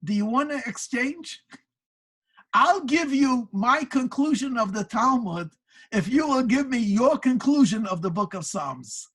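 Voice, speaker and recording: A woman voicing an eager older male Torah scholar, insistent and excitable in his pleading. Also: fairly high pitch, unhurried, husky. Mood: earnest.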